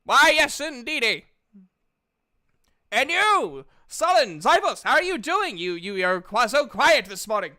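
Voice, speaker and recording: A man's voice: extremely high pitch, big pitch swings, measured pace, bright, forceful tone, voice pushed up, heavily acted. A man voicing a chatty, flamboyant tavern keeper in a tabletop game, greeting guests in a sing-song, flourishing way. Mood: effusive.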